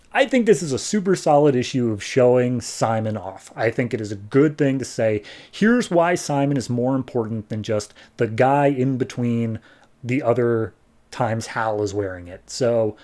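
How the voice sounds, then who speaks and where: A man hosting a podcast, casually recapping a comic book issue and tossing in quick playful voices for the characters. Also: mid-range voice, darkish tone. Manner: retells scenes with quick playful quoted voices. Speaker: podcast host.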